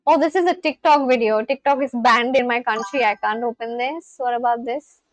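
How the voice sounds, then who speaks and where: A young woman from India chatting casually on a livestream, reading out viewers' comments and reacting with gushing excitement. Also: on the high side, fairly quick, no room sound, poor audio. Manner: gushing, reads chat aloud and reacts.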